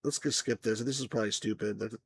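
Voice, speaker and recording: A man's voice: fairly low pitch, steady tone, fast talker, creaky, a bit bright, slightly rough, no echo, studio quality. A man casually commenting on an old computer game, with sarcastic, exasperated remarks. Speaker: game reviewer.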